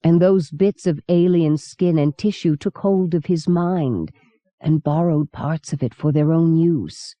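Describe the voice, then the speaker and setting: A woman's voice: low-pitched, measured pace, warm tone, no echo. Flora, a woman narrator voicing an eerie old woman. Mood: calm, knowing. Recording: dull lo-fi cassette recording.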